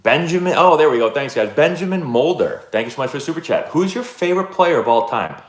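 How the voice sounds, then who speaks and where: A man's voice: on the high side, fast talker, reverberant. A man from the Boston area hosting a casual live baseball stream, telling stories with lots of fillers and reading out viewer messages. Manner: animated storyteller, many fillers. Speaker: baseball channel host answering live chat. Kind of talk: casual livestream storytelling.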